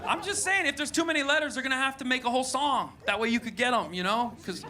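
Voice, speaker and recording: A man's voice: very high voice, fast talker, pushed and bright. A man doing a live stand-up set, teasing and bantering with the audience. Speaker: stand-up comedian. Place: comedy club stage. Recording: live club audience behind.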